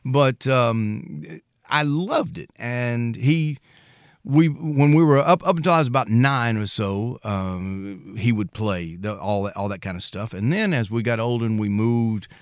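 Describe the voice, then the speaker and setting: A middle-aged man tells rambling, folksy stories as a musician guest. His voice sits at a middle pitch. The recording is close and dry. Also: unhurried, smooth, no room sound. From Mississippi, US. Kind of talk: storytelling interview.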